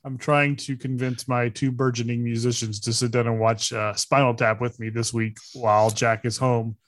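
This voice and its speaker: A middle-aged man in casual chat as a podcast co-host, excitable and quick to joke and swear. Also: medium pitch.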